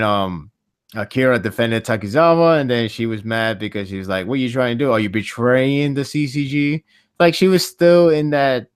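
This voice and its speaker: A man's voice: lowish voice, smooth, no room sound. Rambling man on a dry-mic podcast. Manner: rambling, animated, laughs often. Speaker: podcast host. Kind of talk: casual podcast chat.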